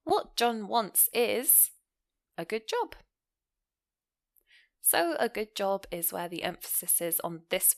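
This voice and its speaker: A woman teaching a grammar lesson. She explains points clearly and leans hard on key words, often. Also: fairly low pitch. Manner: explanatory, stressing key words with lively rises and falls. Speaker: English teacher.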